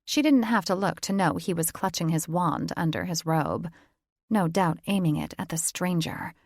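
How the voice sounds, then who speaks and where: A woman narrating a fantasy romance audiobook in a measured, even storytelling manner. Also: fairly low pitch, vocal fry, no room sound, studio quality. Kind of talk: scripted narration.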